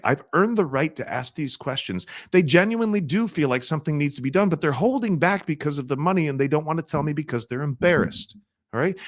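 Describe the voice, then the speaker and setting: A middle-aged man teaching a sales training, asking his audience questions and acting out soft-spoken sales lines. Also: fairly high pitch.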